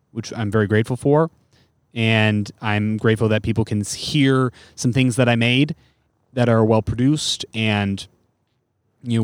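A man's voice: mid-range voice, no room sound. A man who is a comedian guest on a podcast, talking casually with lots of fillers and restarts. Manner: rambling, many fillers.

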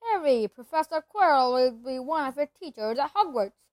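A hulking, good-natured giant from a storybook, talking in rough, folksy speech with dropped words, as a woman puts him on. The voice stays fairly high. The sound is close and dry, with no room around it. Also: expressive, normal speed, no echo. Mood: cheerful. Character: big rough-spoken friendly giant man.

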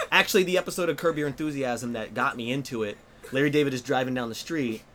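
A man's voice: mid-range voice, fast talker, background noise. A man talking as a guest in a casual podcast conversation, telling stories and acting out the quotes. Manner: animated storyteller who acts out quotes.

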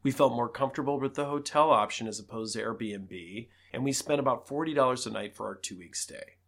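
A man's voice: mid-range voice, a little fast, a bit bright. Matter-of-fact man recapping a trip. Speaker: podcast co-host. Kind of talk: casual travel recap.

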